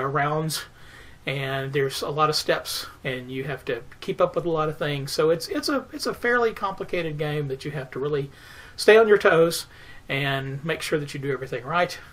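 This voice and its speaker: Person rambling about a board game, lots of uhs, bit husky. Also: medium pitch, normal speed, a bit bright. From United States. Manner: hesitant, lots of "uh" fillers. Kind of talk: casual recap to camera.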